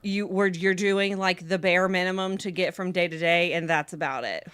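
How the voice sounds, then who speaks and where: A woman co-hosts a relaxed podcast conversation about therapy topics. Her voice sits a little low, and her speech is loose and casual, full of "like" and quick restarts. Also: clean tone.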